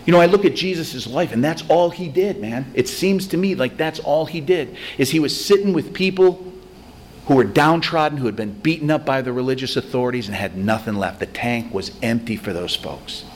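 A man giving a conversational, self-deprecating spiritual talk to a recovery group, telling stories with animated energy. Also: medium pitch, fairly quick. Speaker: recovery meeting speaker.

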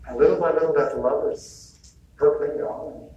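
A man with a slightly higher voice gives a relaxed spiritual talk, chatty and quick to chuckle, slipping into little bits of dialogue as he tells it. He is heard from a distance in a very echoey hall, with faint room ambience underneath. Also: muffled recording, slight background noise. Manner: conversational, chuckles often, acts out quoted dialogue. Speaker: retreat speaker. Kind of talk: informal talk on healing and faith.

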